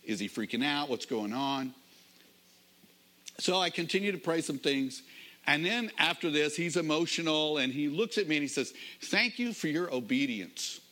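Middle-aged male pastor, slightly high, bright voice; chatty sermon with stories, slows on key phrases. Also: lively intonation. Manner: conversational storytelling, varied emphasis, slows for key phrases.

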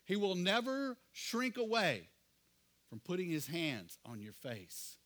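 A middle-aged male pastor preaching a sermon, earnest, often asking the congregation questions and dropping to quiet asides. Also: high-pitched, huge pitch swings, takes it slowly.

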